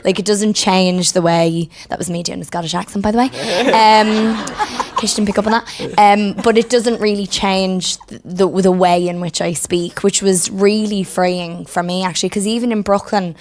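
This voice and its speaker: A woman's voice: medium pitch, steady tone, normal speed, a little mellow. A woman from Ireland with a Dublin accent, an actress talking thoughtfully as an interview guest. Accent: Dublin Irish. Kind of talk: casual interview chat.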